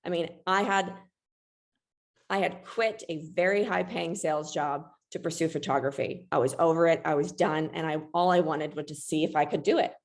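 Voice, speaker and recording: Low, gravelly woman presenting a webinar. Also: steady tone. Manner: chatty, self-deprecating, quick to laugh.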